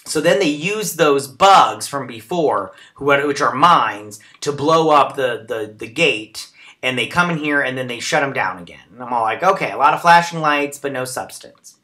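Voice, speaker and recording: A man's voice: medium pitch, animated, moderate pace, pushed and bright. A man hosting a casual episode recap and review, chatty and rambling with lots of fillers. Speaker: show recap host.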